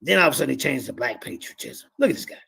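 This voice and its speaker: A man hosting a show, loudly mocking and ribbing a guest over played clips, with a gravelly, husky voice. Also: mid-range voice, animated, racing. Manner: loud, mocking, shouting in disbelief. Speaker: show host.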